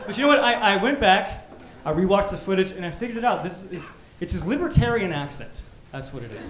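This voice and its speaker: A man in his thirties doing a stand-up comedy set on a club stage, with a punchy, animated delivery. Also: sits high, fast talker, a loud crowd. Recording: echoey club room with background noise. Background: audience laughter and club ambience.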